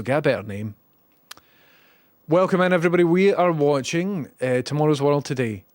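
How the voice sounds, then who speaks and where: A man's voice: mid-range voice, darkish tone, no echo, clean studio sound. A man hosting a live stream, chatting wryly and reading viewer messages. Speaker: livestream host. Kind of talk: casual live commentary.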